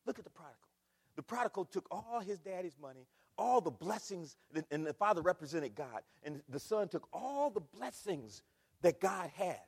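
A middle-aged man preaching a sermon in a church, swinging between shouts and hushed, emphatic lines. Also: high voice, big pitch swings, moderate pace, creaky, husky. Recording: long reverb of a large hall.

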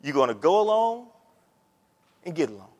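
A man's voice: on the high side, big pitch swings, moderate pace, in a large hall. A man preaching a sermon in a conversational way, calling out to the congregation. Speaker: pastor.

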